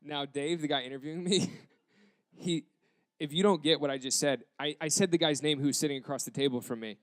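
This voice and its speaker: A young American man, a pastor, telling a story in a sermon with animated acted quotes. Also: fairly high pitch, brisk, dry recording. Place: church campus.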